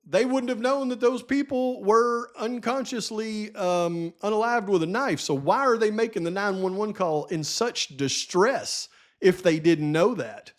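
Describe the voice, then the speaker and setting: Sarcastic, exasperated man. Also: high voice. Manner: sarcastic, rhetorical questions, exasperated. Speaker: channel host. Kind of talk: true crime commentary vlog.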